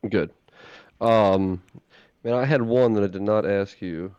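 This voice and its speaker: A man's voice: fairly low pitch, unhurried, darkish tone, smooth, no echo, muffled recording. A man co-hosting a casual podcast, laid-back and agreeable, often answering in short replies. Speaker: podcast co-host. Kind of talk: casual chat.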